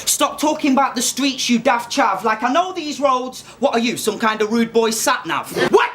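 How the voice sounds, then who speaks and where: A man's voice: extremely high pitch, moderate pace. A young man performing a battle rap, brash and mocking, firing off punchlines at a live event. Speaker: battle rapper. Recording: loud crowd and heavy noise. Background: loud cheering crowd.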